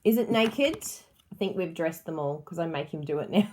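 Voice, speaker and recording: A woman's voice: fairly low pitch, animated, fairly quick, darkish tone. A woman hosting a crafting livestream, chatting casually and gushing with enthusiasm over her supplies.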